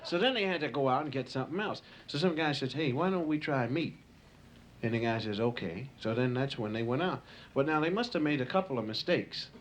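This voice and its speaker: A man's voice: mid-range voice, animated, fast talker. A man telling stand-up stories in a loose, rambling way full of asides, recorded on a hissy home tape. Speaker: stand-up comedian. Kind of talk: stand-up storytelling.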